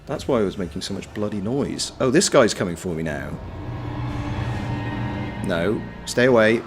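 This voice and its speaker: A man and voice actor giving live-stream gameplay commentary, swearing freely as he yells at the game and chats with viewers. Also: sits low, normal speed, over music. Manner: animated, swears freely, talks to the game and to chat.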